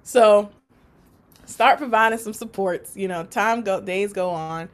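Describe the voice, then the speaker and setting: A woman guest telling a story about her work in an interview, animated and laughing often. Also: medium pitch, unhurried. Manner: animated, laughs often, acts out quoted voices. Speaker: support worker for people with autism.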